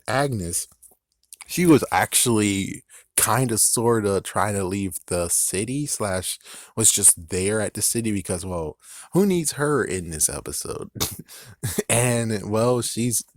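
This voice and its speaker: A man's voice: on the low side, dry recording, clean studio sound. A man giving a loose, rambling episode recap, swearing often and breaking into laughs. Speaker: channel host recapping an episode. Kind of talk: casual recap vlog.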